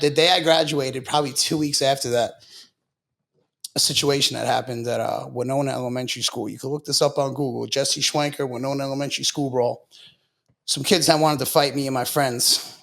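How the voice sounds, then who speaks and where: A man from Long Island tells his story as a podcast guest, with blunt, profane candor. His voice is gravelly with a rough fry and sits at an ordinary pitch for a man. He speaks casually and drops "bro" into his sentences again and again. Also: steady tone, fairly quick, fairly bright tone. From Long Island, New York.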